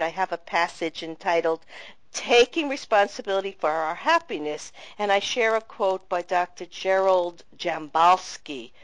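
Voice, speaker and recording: A woman's voice: mid-range voice, no echo, poor audio. A woman hosting a radio interview who asks earnest, emphatic questions.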